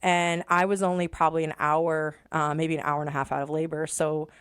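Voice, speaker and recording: A woman's voice: deep voice, a little fast, clean tone, no echo, clean studio sound. A young adult woman, a podcast guest, telling her personal story with emotion and acting out remembered dialogue. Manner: animated, acts out remembered dialogue. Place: studio.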